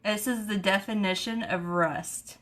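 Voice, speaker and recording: A woman with a twang chats through a live video at a middle pitch. She talks fast and animated, with a lot of laughing and "y'all" thrown in. It sounds like a casual live stream recorded on a camera mic. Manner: chatty, animated storytelling with laughs. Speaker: beauty vlogger host.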